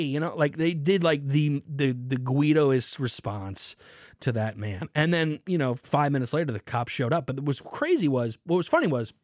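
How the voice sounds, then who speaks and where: A man hosts a casual chat show, spinning a story with constant swearing and lively energy. His voice sits a bit higher than most men's, and the recording is dry and close with no room sound. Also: moderate pace, no room sound. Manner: profane, animated storyteller. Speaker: podcast host. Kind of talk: casual storytelling and beer talk.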